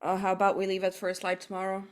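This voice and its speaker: A woman's voice: mid-range voice, monotone, fast talker. A woman playing a tabletop role-playing game, blunt and practical in her talk. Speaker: player. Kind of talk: in-character tabletop play.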